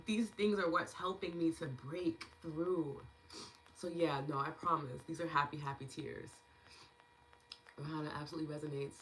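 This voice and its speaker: Bright-voiced woman hosting a live stream. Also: low-pitched. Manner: chatty and affectionate, laughs often, thanks viewers by name. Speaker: host of a live gratitude session. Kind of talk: casual live-stream chat, reading out viewer comments.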